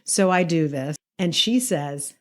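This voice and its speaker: Low-voiced woman telling stories on a podcast. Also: a little slow. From New York. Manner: lively, laughs often while telling stories. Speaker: podcast co-host. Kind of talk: casual storytelling chat.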